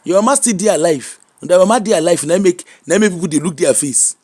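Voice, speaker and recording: A man's voice: sits high, fast talker, darkish tone. A man with a Yoruba-inflected Nigerian accent, giving preachy, emphatic advice in casual commentary and mixing in Pidgin. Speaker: social media commentator.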